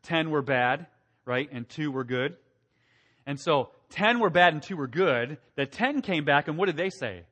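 A man preaching a sermon, animated, asking the congregation questions and acting out quotes in a raised voice. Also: a little high, normal speed. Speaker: pastor.

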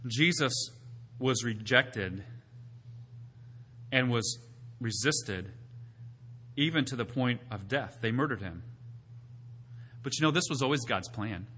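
Male preacher, bright, tense tone, emphatic, asks rhetorical questions. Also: medium pitch, husky. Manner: builds to loud emphatic peaks, then drops to quiet teaching. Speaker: pastor. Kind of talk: sermon.

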